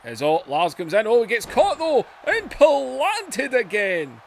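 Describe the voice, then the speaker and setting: Excitable high-voiced man commentating. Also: takes it slowly, creaky, slight background noise. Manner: excitable, swings from low muttering to shouting at big moves. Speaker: gaming YouTuber. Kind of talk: play-by-play wrestling commentary over gameplay.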